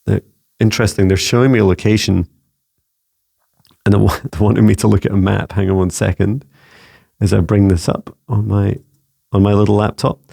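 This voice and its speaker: A Scottish man relaying psychic messages to viewers in a casual solo talk, halting and searching for words as he goes. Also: on the low side, level tone, vocal fry, mellow. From Scotland. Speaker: psychic mentor answering viewer questions. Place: home with a laptop.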